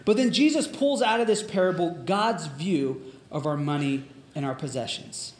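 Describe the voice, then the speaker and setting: A man's voice: on the high side, moderate pace. A man preaching a sermon in a casual, conversational way, retelling a story with plenty of fillers. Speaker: pastor. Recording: echoey room.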